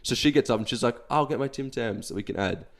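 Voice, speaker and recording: A man's voice: mid-range voice, fast talker, creaky. A young man, co-hosting a podcast and telling a long self-deprecating story in casual chat with lots of fillers. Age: young adult. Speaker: podcast co-host.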